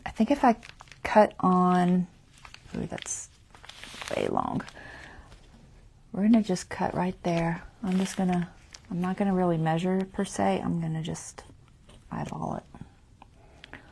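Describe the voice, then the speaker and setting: A woman's voice: lowish voice, fairly even intonation, takes it slowly, vocal fry, pauses often, a little mellow, a little hiss or hum. A woman hosting a casual craft tutorial livestream, chatty and self-deprecating, talking herself through each step and muttering half-whispered asides.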